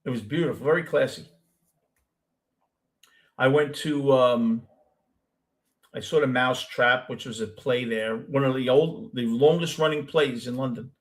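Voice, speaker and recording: A man's voice: medium pitch, unhurried, long pauses. A man with a Brooklyn accent who hosts a show, chatting casually with a caller and telling long, rambling stories with many restarts. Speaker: host.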